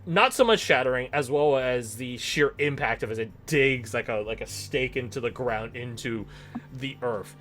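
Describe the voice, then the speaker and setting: A man running a tabletop game as game master, narrating in a lively, jokey way. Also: medium pitch, normal speed, soft background music.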